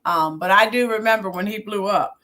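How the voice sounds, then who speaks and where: A woman's voice: mid-range voice, fairly quick, a bit bright. A middle-aged woman hosting her own channel, chatting casually with viewers live, reminiscing and answering them by name. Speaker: YouTube channel host and teacher. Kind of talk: casual live-stream chat.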